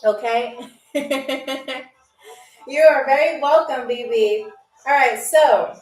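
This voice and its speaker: High-voiced playful woman hosting a stream. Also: expressive, slow, a little mellow, reverberant, far from the mic, rough recording. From New York. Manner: playful, chatty, reads out viewer comments. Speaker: game show host. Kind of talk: live-stream game show hosting.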